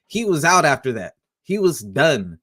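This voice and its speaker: A man co-hosting a podcast, chatting casually and profanely about wrestling, animated and laughing often. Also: fairly high pitch, normal speed, slightly rough. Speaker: podcast co-host.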